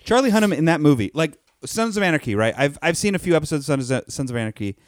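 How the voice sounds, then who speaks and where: A man's voice: on the high side, expressive, fast talker, dry recording, studio quality. A man co-hosting a casual movie-talk podcast, rambling and wry, with frequent restarts. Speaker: podcast co-host. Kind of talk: casual chat.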